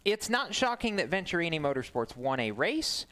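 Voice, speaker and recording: Racing radio cohost dude, bouncy lively voice, quick dry quips from the studio. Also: male voice, fairly high pitch. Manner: animated, quick banter and wry remarks. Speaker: radio show co-host. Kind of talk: casual motorsport radio talk.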